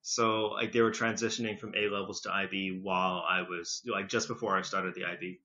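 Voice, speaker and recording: A young man with a slightly British-tinged accent, chatting casually as a podcast guest, rambling with lots of fillers and quick laughs. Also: low-pitched, little pitch movement, sharp tone. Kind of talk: casual conversational storytelling. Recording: slightly muffled lo-fi recording.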